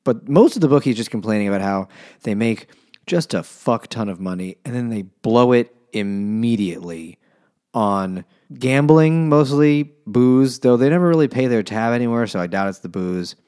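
A man's voice: mid-range voice, animated, normal speed, a little mellow. A man co-hosting a casual chat, summarizing a story with dry, wry asides. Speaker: podcast co-host.

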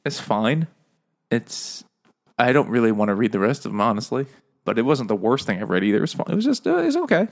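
A man's voice: mid-range voice, sing-song, brisk. A man co-hosting a casual book-and-beer podcast, telling long rambling jokes with plenty of swearing and laughing at his own punchlines. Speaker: podcast co-host. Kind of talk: casual chat over beer.

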